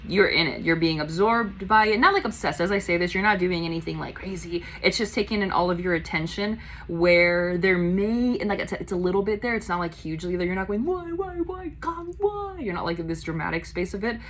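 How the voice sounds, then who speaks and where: A woman doing a casual tarot reading, chatty and blunt, swearing casually and acting out quick voices in her asides. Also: fairly low pitch, fairly bright tone, rough recording. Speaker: tarot reader.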